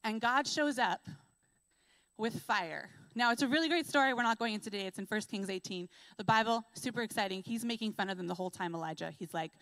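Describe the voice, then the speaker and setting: A young adult woman giving a church sermon, telling stories in a lively way and acting out what people say. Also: a little high, brisk, dry recording. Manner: lively storytelling, acts out quotes. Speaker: preacher.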